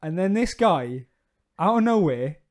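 A man's voice: sits high, big pitch swings, measured pace. A young man in casual banter, teasing his friend and joking. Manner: teasing, joking, loud laughs. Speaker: podcast co-host.

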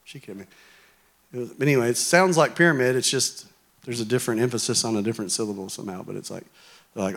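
A man's voice: mid-range voice, quick pace, fairly bright tone. A man preaching a sermon in a church hall, talking conversationally and joking with the congregation.

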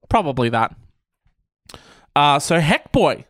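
A man's voice: on the high side, lively intonation, a little slow, a bit bright, smooth, no room sound, clean studio sound. A man hosting casual commentary on odd news stories, sarcastic and swearing freely. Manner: sarcastic, swears, laughs often.

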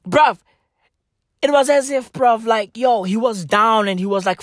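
Slow, slangy woman ranting comedically. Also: a little high, lively intonation, no echo, clean studio sound. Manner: slangy, profane, heavy on "bro" and "bruv"; wildly swinging delivery, from shouts down to whispers. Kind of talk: comedic rant monologue.

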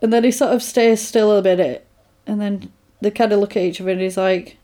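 A woman's voice: mid-range voice, steady tone, brisk, mellow. Chatty woman recapping a film. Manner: rambling retelling, filler-heavy. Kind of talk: casual film recap chat.

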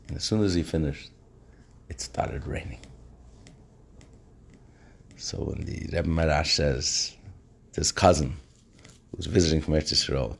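A man narrating a folk tale with animated energy and frequent restarts. His voice sits deep and gravelly, with a husky edge. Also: a little slow, long pauses. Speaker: storyteller. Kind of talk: oral storytelling.

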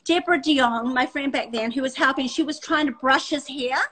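An Australian woman hosting a casual chat, effusive and full of quick restarts. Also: high voice, a bit bright, poor audio. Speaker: host.

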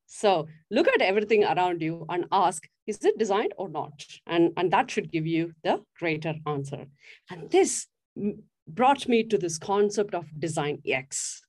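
A middle-aged woman speaking from a stage in a lively, sing-song voice that sits a little low. She keeps turning to the audience with questions as she talks. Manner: animated, asks the audience questions. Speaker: speaker giving a talk on design. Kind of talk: motivational stage talk. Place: stage before a live audience.

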